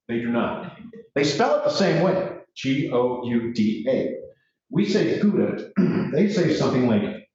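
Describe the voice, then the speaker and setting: A man's voice: mid-range voice, lively intonation, moderate pace, a little mellow. Man giving a self-deprecating ceremony speech; distant mic, echoey room. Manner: joking, self-deprecating storyteller. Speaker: speaker at a ceremony. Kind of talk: casual speech. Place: courtroom. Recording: echoey room from far off, dull.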